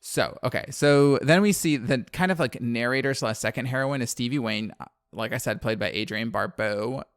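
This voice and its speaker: This New Orleans podcast co-host has a mid-range voice with a clean tone and a moderate pace, on a dry, studio-quality recording. He goes over a horror film in casual, profane chat, full of fillers and frequent laughs.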